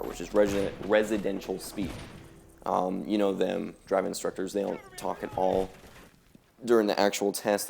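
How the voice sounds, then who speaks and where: Young guy rambling over loud game gunfire, low gravelly voice, lots of likes and ums. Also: noisy background. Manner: rambling, laid-back, heavy on filler words. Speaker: gameplay commentator. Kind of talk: casual chat over gameplay.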